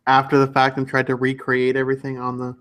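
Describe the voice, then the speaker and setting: A man's voice: mid-range voice, completely flat delivery, fast, fairly bright tone. Laughing, gossipy man in stream chat. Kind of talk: casual chat on a livestream.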